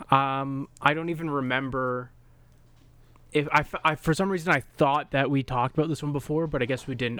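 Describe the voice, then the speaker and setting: Guy cohosting a podcast, jokey, smooth voice, dry close mic. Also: medium pitch, a bit bright, no echo. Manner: joking, chuckles at his own bits. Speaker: podcast co-host. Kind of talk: casual chat.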